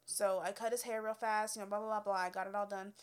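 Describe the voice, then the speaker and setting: A woman's voice: medium pitch, flat delivery, quick pace, clean tone. Blunt young woman, casual storytelling. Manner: blunt and profane, with many filler words. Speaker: cosmetology student telling work stories.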